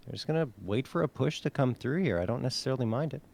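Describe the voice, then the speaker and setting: A man giving measured, analytical color commentary on an esports match. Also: medium pitch, lively intonation, gravelly, a little mellow. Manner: measured, analytical, laughs easily.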